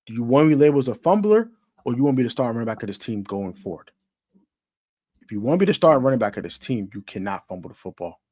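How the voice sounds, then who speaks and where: A man ranting about football in casual slang, emphatic and repetitive. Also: medium pitch. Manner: emphatic, repetitive, gets louder as he goes. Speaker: sports commentator. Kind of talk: casual sports rant.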